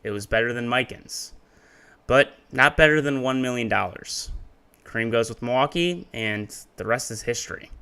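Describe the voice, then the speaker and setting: A male streamer narrates a story in a loose, chatty way and restarts lines when he trips over them. His voice is bright and forward. He sits at a mid pitch for a man. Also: moderate pace, gravelly, clean tone. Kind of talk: casual live-stream narration.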